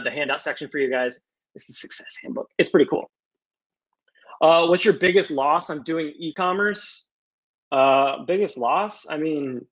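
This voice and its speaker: A young man answering audience questions casually on a video call, loose and animated, with some swearing. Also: fairly high pitch. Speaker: guest speaker. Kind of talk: casual Q&A on a webinar. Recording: muffled lo-fi video call audio.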